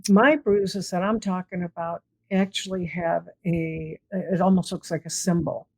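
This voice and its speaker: A woman's voice: lowish voice, moderate pace, husky, dry recording, low-quality recording. A woman being interviewed as a guest who tells stories casually and brings them to life by acting out the dialogue. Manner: animated, acts out quoted dialogue. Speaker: guest, paranormal investigator.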